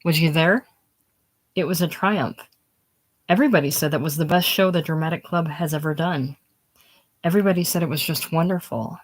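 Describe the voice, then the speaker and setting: A woman voicing a chatty, excitable young woman who rattles on about her stage triumph, in a casual script reading. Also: sits low, brisk, pauses often, poor audio. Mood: proud. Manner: rattles on breathlessly, gushing.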